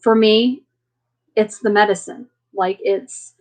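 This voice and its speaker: A woman's voice: medium pitch, steady tone, slow, rough recording. A woman hosting a casual live chat, rambling through personal stories and laughing often between sentences. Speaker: livestream host.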